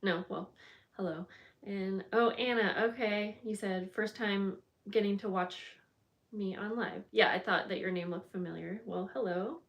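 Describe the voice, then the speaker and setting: A woman of medium pitch talks casually on a live craft stream while binding a journal in her home studio. She greets viewers by name between steps and thinks aloud in a chatty, scattered way as she works. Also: fairly even intonation, unhurried. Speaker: bookbinding crafter hosting a livestream.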